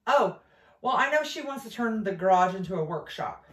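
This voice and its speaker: A woman's voice: mid-range voice, expressive, moderate pace, echoey room, far from the mic. Teasing woman co-host, laughing often. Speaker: podcast co-host. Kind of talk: casual chat.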